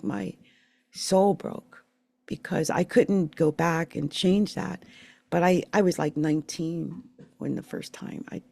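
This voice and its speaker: A middle-aged woman from the Philadelphia area telling her life story in a candid, emotional, rambling way, with halting restarts. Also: low voice, vocal fry, warm tone, no room sound. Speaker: channel host sharing her life story. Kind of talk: personal storytelling monologue.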